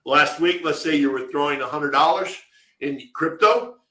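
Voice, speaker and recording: A man's voice: a little high, normal speed, pushed and bright, reverberant, rough recording. A man co-hosting a live webinar, answering viewer questions from the chat in an emphatic, direct way. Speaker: webinar co-host.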